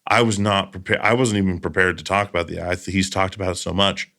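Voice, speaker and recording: A man's voice: deep voice, steady tone, fast, gravelly, sharp tone. A man hosting a podcast, telling stories in a casual, earnest way with trailing asides. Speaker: podcast host.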